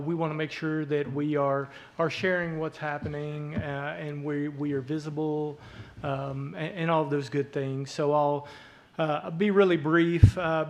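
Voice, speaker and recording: Halting Arkansas-accented man with a flat voice. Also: fairly high pitch, low-quality recording. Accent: Arkansas twang. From southeast Arkansas. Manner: halting, many fillers and repeated words. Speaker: hospital CEO. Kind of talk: public remarks at a council meeting.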